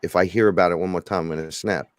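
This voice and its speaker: New guy rambling on a podcast, lowish voice, acts out little quotes, dry sound. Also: fairly even intonation, racing, clear, resonant tone, no echo. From New York. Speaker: podcast guest. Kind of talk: casual chat.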